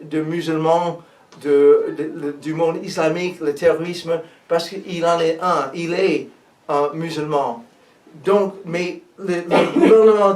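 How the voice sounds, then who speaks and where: American pastor preaching in a roomy echo. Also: male voice, fairly high pitch, distant mic. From United States. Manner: switches between English and French, halting restarts in French. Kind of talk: bilingual prophetic sermon. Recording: echoey room, speaker away from mic.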